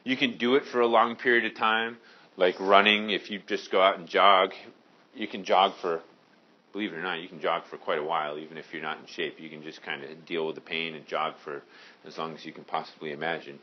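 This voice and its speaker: A man from Maine teaching a high school science class, casual and joking with his students. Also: fairly even intonation, a little fast, muffled recording. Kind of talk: classroom lecture.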